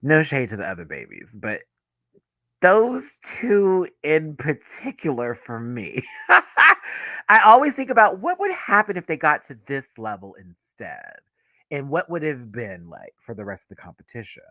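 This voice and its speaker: A man's voice: medium pitch, huge pitch swings, measured pace, pushed and bright, no room sound, studio quality. A man giving a live, gossipy reaction review of a drag reality show, talking casually with sassy asides and frequent laughter.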